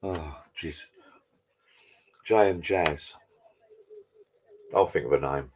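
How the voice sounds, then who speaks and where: A man's voice: rumbling low, slow, pauses often, slight background noise. A man hosting a casual live stream from his garden bar, chatting with viewers, reading their messages and trading cheeky jokes.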